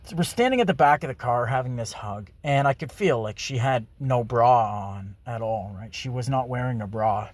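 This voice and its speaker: A man's voice: medium pitch, moderate pace, few pauses, no room sound. A man telling a crude story in a profane, rambling, self-mocking way. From Canada. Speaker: podcast host.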